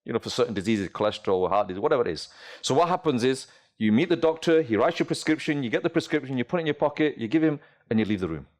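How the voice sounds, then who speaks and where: A man's voice: mid-range voice, animated, rapid-fire. A man giving a sermon to an audience, telling a story and asking rhetorical questions. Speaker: preacher.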